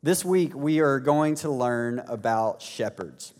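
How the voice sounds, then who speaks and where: A man, a pastor telling a family story in a sermon with lively asides to the congregation. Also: medium pitch, takes it slowly. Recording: echoey hall.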